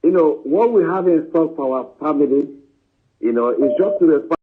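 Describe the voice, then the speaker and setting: A man's voice: fairly high pitch, expressive, moderate pace. A man from southeastern Nigeria, calling in to a live stream and insistently pressing his point, often saying "you know" and "understand?" and calling the host "my brother.". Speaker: caller. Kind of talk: phoned-in opinion to a live stream. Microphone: phone. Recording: tinny phone line.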